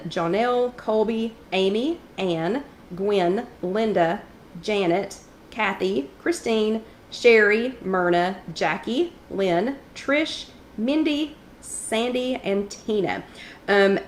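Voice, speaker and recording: A woman hosting a casual livestream chat, greeting viewers by name and clearing her throat from allergies. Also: medium pitch, roomy sound, slight background noise. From East Tennessee. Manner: chatty, greets viewers by name between remarks. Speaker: host of a live wellness chat.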